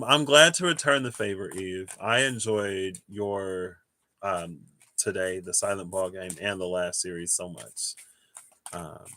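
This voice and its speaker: A man giving a casual livestream tarot reading, thinking aloud in a rambling way with restarts and soft chuckles. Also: sits low. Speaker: tarot reader.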